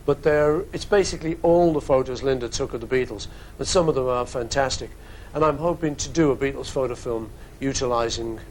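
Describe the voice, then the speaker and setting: A man's voice: on the high side, slight background noise, rough recording. A man in his fifties with a Liverpool accent answers fan questions in a casual studio webcast, chatty and joking with wandering asides. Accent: Liverpool English. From England. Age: 50s.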